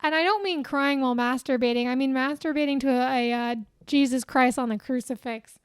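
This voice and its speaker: A woman's voice: high voice, fairly quick, clean tone, dry recording, studio quality. A young woman co-hosting a podcast, teasing her co-host with crude jokes in casual chat.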